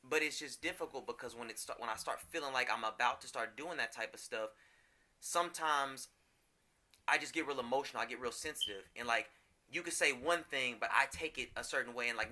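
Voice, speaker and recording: Bright-toned man talking candidly. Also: mid-range voice, a little fast. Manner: candid, emotional, rambling with many restarts. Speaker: podcast co-host. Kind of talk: casual podcast chat.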